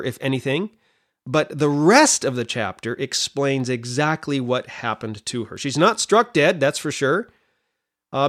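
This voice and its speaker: A middle-aged man hosting a Bible study podcast, talking in an animated, chatty way that wanders off on side points. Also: fairly high pitch. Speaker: podcast host and Bible teacher.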